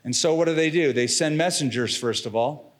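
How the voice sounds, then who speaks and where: A middle-aged man preaching a sermon as pastor, dramatic and expressive, slipping in casual slang. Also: fairly high pitch, brisk.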